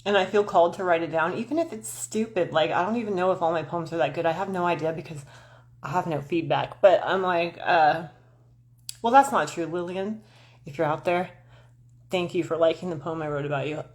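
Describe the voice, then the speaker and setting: A woman's voice: lowish voice, brisk. A woman in her forties, livestreaming astrology talk from home in front of her camera, chatting to viewers in a scattered, self-deprecating way with frequent swearing. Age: 40s. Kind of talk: rambling livestream chat.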